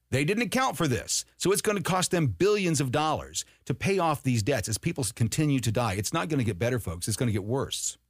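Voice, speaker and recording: Male host, opinionated commentary, emphatic, profane, repeats himself, animated pitch, dry close sound. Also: no echo.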